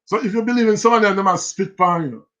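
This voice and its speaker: A man's voice: high voice, quick pace. A man with a Jamaican accent hosting a casual livestream, reading viewer comments and slipping into patois. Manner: animated, switches into patois, reads viewer messages aloud. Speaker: livestream host.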